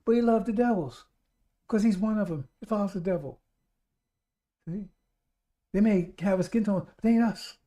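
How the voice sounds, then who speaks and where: Fervent preacher man, mellow tone. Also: high-pitched, moderate pace, pauses often. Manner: fervent, repetitive, rising to loud exhortation; addresses listeners as brothers and sisters. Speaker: radio preacher. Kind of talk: streetwise radio sermon.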